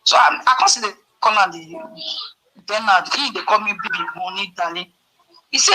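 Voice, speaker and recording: A woman with a Nigerian Pidgin accent, casually telling a story to her viewers and acting out the dialogue with sudden leaps in pitch. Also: expressive, normal speed, sharp tone, rough recording. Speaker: vlogger.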